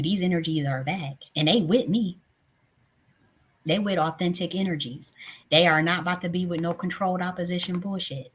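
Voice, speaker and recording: Low husky woman, blunt live-stream talk. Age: 30s. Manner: blunt, profane, gets worked up. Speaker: live-stream tarot host.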